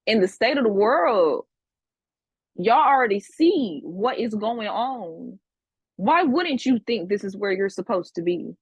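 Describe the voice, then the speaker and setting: Speaking at an unhurried pace with long pauses, this husky-voiced spiritual teacher uses lively intonation in her mid-range voice while swearing at her livestream class and repeating points for emphasis. There's no room sound.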